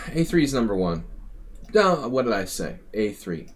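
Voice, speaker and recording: A man's voice: on the low side, sing-song. A man coaching chess over a live stream, thinking aloud in a chatty way and catching himself mid-thought as he walks through a game. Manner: thinking aloud, quick corrections, chatty asides. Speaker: chess coach analyzing subscriber games.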